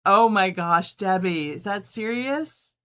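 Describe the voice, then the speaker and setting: A woman's voice: mid-range voice, expressive, takes it slowly, pushed and bright. A middle-aged woman from New Jersey hosting a casual live sew-along, chatting, laughing often and reading out viewers' comments as she sews. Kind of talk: casual live-stream chat while sewing.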